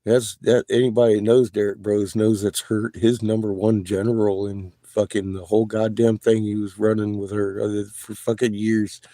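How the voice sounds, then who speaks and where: A man's voice: lowish voice, little pitch movement, normal speed, hardly any pauses, warm tone, no room sound, clean studio sound. A man on a casual, profane rant who swears constantly, laughs often and coughs between remarks. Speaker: livestreamer.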